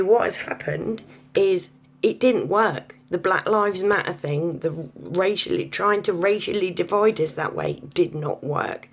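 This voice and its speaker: An English woman in a blunt, sweary, chatty opinion rant to camera. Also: on the low side. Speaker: vlogger.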